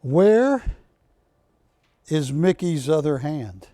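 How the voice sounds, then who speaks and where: Jokey man pitching items on live TV. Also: sing-song, very slow, dark tone, dry recording, clean studio sound. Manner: jokey, chatty salesman banter. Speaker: shopping channel host. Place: TV studio.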